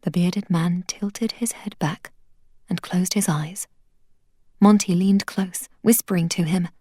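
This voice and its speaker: Soft-spoken woman reading a novel aloud. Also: lowish voice, steady tone, slow, breathy edge, no echo, studio quality. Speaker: audiobook reader.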